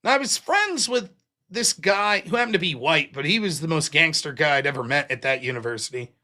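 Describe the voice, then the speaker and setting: This live stream host is a man with a slightly high voice, lively intonation, and a fairly quick pace, his tone bright and forceful. He's telling a long, rambling story in casual chat that's profane and packed with fillers.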